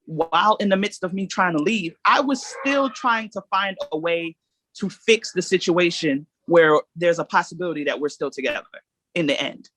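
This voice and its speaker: A woman's voice: lowish voice, moderate pace, fairly bright tone, no echo. A woman guest on a podcast, telling her own story candidly in long, earnest reflections.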